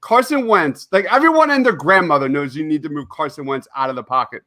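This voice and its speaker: Emphatic high-voiced man ranting. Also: lively intonation, a little fast, sharp tone, no room sound. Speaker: podcast co-host. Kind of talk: opinionated sports podcast rant.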